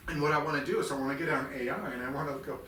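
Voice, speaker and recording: Speaking very fast with a steady tone, this podcast guest, a veteran in his fifties, shares a raw personal story, intense and profane, his bright, forceful voice shifting between low murmurs and loud outbursts. Because he sits away from the mic, he sounds distant in an echoing room with a faint background hum.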